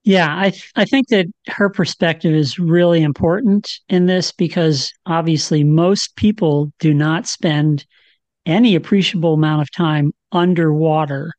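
A woman co-hosting a radio talk show, speaking in a relaxed, thoughtful way. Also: sits low, measured pace, dry recording, lo-fi sound.

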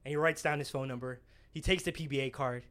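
A man's voice: medium pitch, quick pace. A young man from New Jersey, co-hosting a podcast and telling a story in casual, swear-filled chat. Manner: swears a lot, animated and excitable storyteller. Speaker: podcast co-host.

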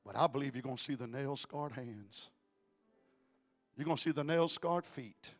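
A male evangelist preaching in a church, telling a story emphatically and rising to shouts. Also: medium pitch, normal speed, soft background music. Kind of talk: storytelling sermon.

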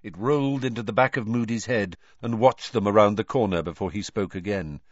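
A man reading a story aloud as an audiobook narrator, expressive in his storytelling. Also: lowish voice, fairly quick, no echo, lo-fi sound. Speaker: audiobook reader. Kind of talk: scripted narration.

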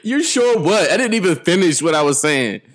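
A man's voice: a little high, big pitch swings, moderate pace. A man hosting a podcast in casual chat, joking around, rambling and laughing often. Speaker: podcast host.

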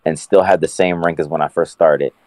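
Deep-voiced man with a slow, dry delivery. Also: fairly even intonation, a little mellow, no echo. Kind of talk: casual chat.

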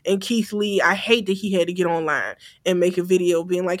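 A young woman co-hosting a podcast, talking in a blunt, animated, profane way, often laughing. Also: fairly low pitch, a little fast. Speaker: podcast co-host. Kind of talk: casual chat.

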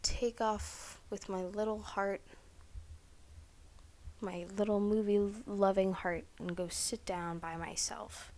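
A woman's voice: mid-range voice, flat delivery, slow, a little mellow. A young woman hosting a casual solo podcast, rambling with lots of "like" and frequent swearing. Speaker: podcast host.

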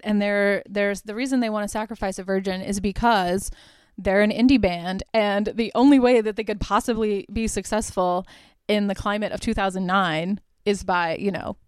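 Woman podcaster, chatty and irreverent, swears casually; smooth voice, dry close sound. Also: medium pitch, no room sound. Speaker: podcast host. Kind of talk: casual solo movie recap.

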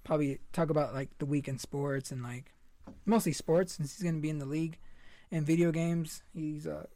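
A man's voice: a little high, fairly even intonation, moderate pace, dark tone, slight background noise. A young man hosting a podcast, chatting casually in a rambling, laid-back way and swearing a lot. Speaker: podcast host. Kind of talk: casual chat.

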